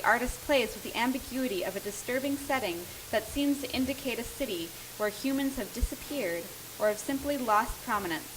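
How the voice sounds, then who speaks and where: A woman's voice: on the high side, a little fast, hardly any pauses, background noise. A woman hosting a live art event, casually introducing pieces and reading descriptions aloud. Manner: informal, introduces and reads descriptions. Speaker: event host. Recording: live venue with crowd.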